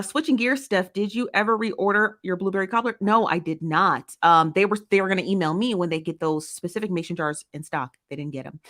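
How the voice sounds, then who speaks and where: A woman's voice: mid-range voice, a bit bright. A woman hosting a casual commentary show, reading viewer comments and making her points emphatically, often repeating herself and checking in with "okay?" and "right?".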